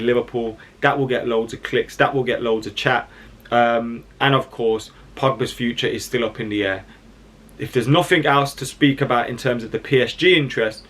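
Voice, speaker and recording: A man's voice: medium pitch, a bit bright. A young man hosting a football reaction channel, talking through transfer rumours in a chatty, opinionated way. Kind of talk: casual reaction commentary.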